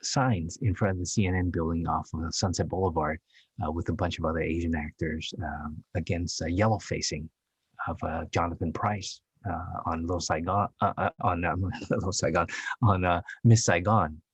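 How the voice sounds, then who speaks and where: Male guest actor in his fifties, low raspy voice, candid and hesitant storytelling. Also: steady tone, no room sound. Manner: halting and reflective, with many restarts.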